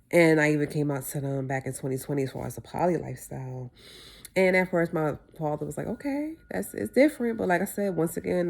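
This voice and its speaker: A woman's voice: sits low, gravelly, a little mellow. A woman talking in a heartfelt personal vlog, emotional and repetitive as she thanks her family. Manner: emotional, repetitive, tearing up at times. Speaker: vlogger.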